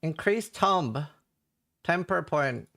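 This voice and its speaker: A man's voice: a little high, animated, slow pace, vocal fry, a bit bright. A young Norwegian man with a Norwegian accent, chatting casually and rambling as he reads patch notes and viewer chat on a livestream. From Norway. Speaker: streamer reading patch notes.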